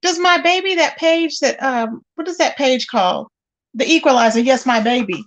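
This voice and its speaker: A woman with a high voice chats directly with viewers on her casual gossip livestream, exclaiming frequently. She speaks at normal speed, and the audio sounds dull.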